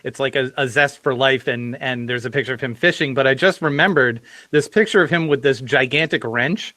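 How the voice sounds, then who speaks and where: A man hosting a live podcast, asking questions in a conversational, animated way with frequent restarts. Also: mid-range voice, a little fast, no room sound. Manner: animated, stumbling over restarts. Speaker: podcast host. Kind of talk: conversational interviewing.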